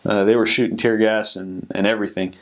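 Relaxed young man, lowish voice. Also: brisk. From United States. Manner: relaxed, rambling with frequent fillers and restarts. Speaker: returned missionary. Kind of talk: casual storytelling and advice.

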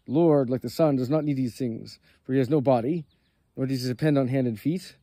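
A man voicing a stern male prophet who scolds with forceful, indignant lines. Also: fairly high pitch, a little fast, no room sound, close to an everyday voice. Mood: scolding.

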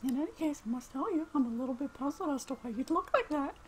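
A woman's voice: high voice, lively intonation, fast talker, faint music behind, pitched above the performer's own voice. A woman reading game dialogue aloud as a prim, doting older female barkeep.

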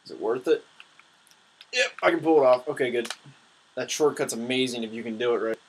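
A young man giving casual, excitable commentary on his own gameplay, trash-talking his opponents. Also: mid-range voice, fairly quick, a little hiss or hum, rough recording.

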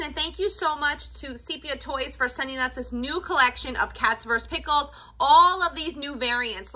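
In a laid-back unboxing video, a woman in her thirties enthuses and gushes about the toys in front of her. She has a high-sitting, sharp-toned voice.

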